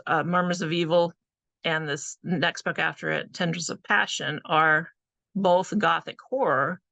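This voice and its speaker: A woman with a very gravelly, fry-heavy voice that still sounds bright and forceful. She gives a relaxed, conversational presentation as an author, often pausing on little fillers. The recording is dry and close. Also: low-pitched, no echo. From California. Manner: chatty, conversational, with frequent fillers. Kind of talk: casual presentation talk.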